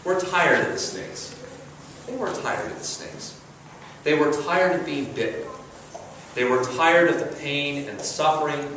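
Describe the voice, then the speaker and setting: A man's voice: a little high, a bit bright, a little hiss or hum. A man preaching a sermon as pastor, conversational, with repetition and emphasis. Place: church sanctuary. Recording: roomy church sound from a distant mic.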